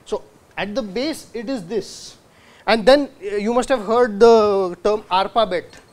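A man lectures in a hall. He keeps asking the audience questions he then answers himself. He sounds out words slowly to demonstrate them. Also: sits high. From India. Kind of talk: university lecture.

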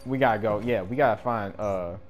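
A man giving casual gameplay commentary in slangy speech, swinging between yelling and mumbling. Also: on the low side, a little fast. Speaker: gamer. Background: game music.

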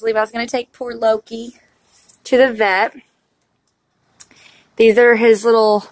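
A young woman, a mother, chatting casually to the camera in a family vlog, laughing often and cooing at her kids. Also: on the high side.

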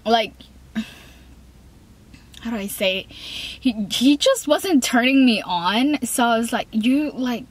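A woman's voice: fairly high pitch, lively intonation, slow pace, pauses often. A young woman telling a storytime in a casual, rambling way, full of fillers and restarts, often laughing and quoting herself. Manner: giggly, laughs between lines. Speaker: vlogger.

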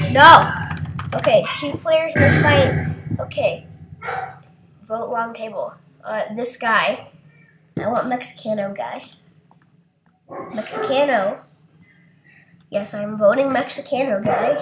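High-voiced excitable young woman gamer. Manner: excitable, shrieks when winning. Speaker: gaming video creator. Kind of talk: casual game commentary. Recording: roomy echo, faint noise.

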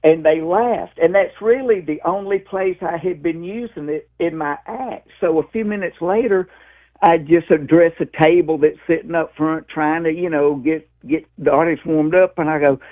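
Brief: folksy Southern comic in his 60s, slightly high voice, tinny phone line. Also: moderate pace. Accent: Southern US (Mississippi). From Mississippi, USA. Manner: lively storyteller, calls the host "man" and "dude". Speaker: stand-up comedian guest. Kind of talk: interview over the phone.

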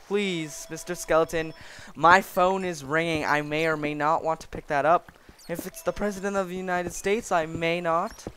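A young man with a slightly high voice talks through his block-building game, rambling and excitable. He jokes at the creatures around him, and a faint hiss sits under the recording. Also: normal speed. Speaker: gaming video creator. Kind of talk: Minecraft let's play commentary.

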